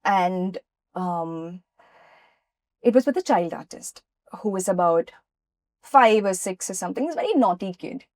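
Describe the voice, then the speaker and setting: A woman from India, an actress being interviewed, who tells lively anecdotes and acts out what people said. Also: lowish voice, measured pace, pauses often, no room sound. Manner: lively anecdotes, often acting out quoted dialogue. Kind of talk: interview storytelling.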